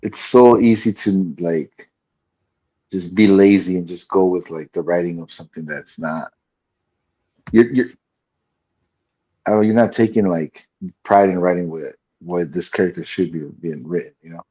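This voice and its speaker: A man co-hosting a podcast in casual chat, rambling and halting with many fillers. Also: sits low, mellow, slightly rough. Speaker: podcast co-host. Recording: dull lo-fi mic.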